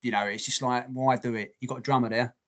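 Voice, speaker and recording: A man's voice: mid-range voice, steady tone, fast. A man co-hosting a podcast in casual chat, blunt and swearing freely. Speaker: podcast co-host.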